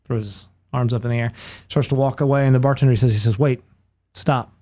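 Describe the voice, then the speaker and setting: A man, a podcast guest, telling a long joke in a playful, animated way. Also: medium pitch, very fast.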